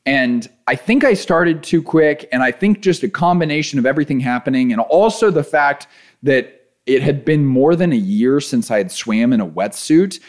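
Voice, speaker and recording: A man recounts a personal story in a relaxed, conversational way. His voice sits in an ordinary middle range but swings widely, rising when he is excited and settling low and quiet when calm. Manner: animated, voice rising as he relives panic, then calm and low. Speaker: endurance athlete telling a race story. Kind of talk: casual storytelling.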